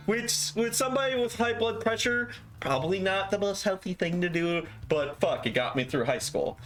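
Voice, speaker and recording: On a livestream, a young man tells casual stories animatedly, swearing freely and acting out the lines he quotes. His voice is on the high side, expressive and a bit bright, at a normal speed.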